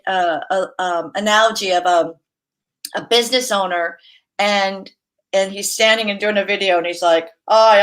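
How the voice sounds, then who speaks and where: A woman who works as a massage therapist, a guest chatting casually, telling stories with laughs and acting out quoted voices. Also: medium pitch. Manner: lively storyteller, laughs often, acts out quotes. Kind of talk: casual interview chat.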